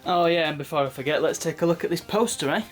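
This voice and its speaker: A man's voice: fairly high pitch, fast, soft background music. A man casually chatting through an unboxing, rambling off on asides and chuckling at his own remarks. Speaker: unboxing video host.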